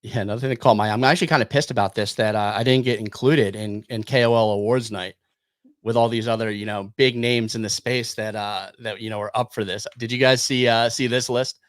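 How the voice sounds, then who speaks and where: A man hosting a podcast, opening the show and chatting in a relaxed, loose way with fillers. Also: medium pitch, a little fast, dry recording. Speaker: podcast host. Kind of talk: casual crypto podcast chat.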